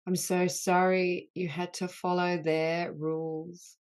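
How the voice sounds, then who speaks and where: A woman guides a healing session on an online group call, repeating gentle phrases. Her voice sits low with a gravelly fry, and she speaks in an unhurried, soothing way. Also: flat delivery. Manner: slow, soothing, repetitive apology phrases. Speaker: soul mentor leading a healing call.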